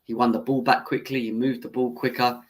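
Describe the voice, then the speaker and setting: Here a young man running a football fan stream speaks at medium pitch, a little fast and flat. Hot-headed and cursing, he fights with chat during his match reaction rant while laughing away his own obvious bias.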